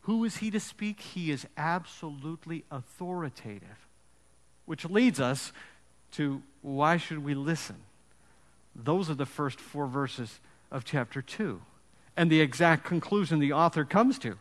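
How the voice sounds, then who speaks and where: A man preaching a sermon with an emphatic storytelling delivery and dramatic pauses. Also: on the high side, long reverb tail. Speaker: pastor.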